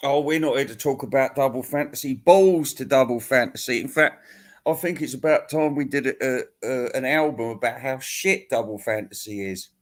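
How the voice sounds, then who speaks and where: Ranting man, mid pitch, crude rambling host who chuckles at himself. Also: moderate pace. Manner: crude, ranting, laughs at his own jokes. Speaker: host answering viewer questions. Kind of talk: rambling comic monologue.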